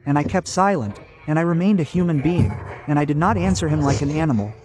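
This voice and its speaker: A man preaching a sermon with jokes and stories, addressing his listeners as gentlemen. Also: on the high side, fast talker, over music. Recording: audience murmur behind.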